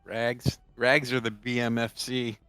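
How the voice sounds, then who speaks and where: A man's voice: mid-range voice, level tone, unhurried, sharp tone, smooth, no room sound, faint music behind. A man playing a tabletop game, talking eagerly and jokingly, with playful boasting about his character's moves. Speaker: player.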